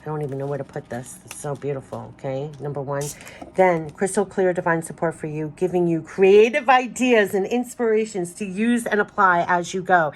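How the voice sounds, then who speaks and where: Her voice lowish and her pace moderate, this woman performs a tearful, emotional card reading as a tarot reader, speaking emphatically, gushing, and repeating herself until her voice gives out. Slight background noise is audible.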